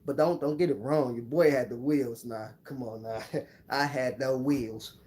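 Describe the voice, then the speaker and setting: A man's voice: mid-range voice, steady tone, a little slow, darkish tone. A man casually telling a personal story on his channel, laid-back and full of slang. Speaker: vlogger.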